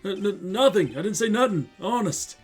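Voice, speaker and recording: A man voicing a timid old male judge in a video game, high-pitched and stammering. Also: animated, normal speed, soft background music. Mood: flustered.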